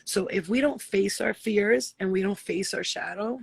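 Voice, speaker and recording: A woman's voice: medium pitch, moderate pace, gravelly, few pauses, breathy edge, dry recording. A woman hosting a casual late-night spiritual live chat, blunt and profane, often slipping into playful voices. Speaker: spiritual live-stream host.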